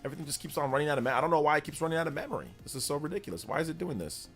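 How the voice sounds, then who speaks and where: A man's voice: on the high side, animated, very fast, soft background music. A man in his forties hosting a gaming livestream, chatting casually in a blunt, rambling way that repeats itself.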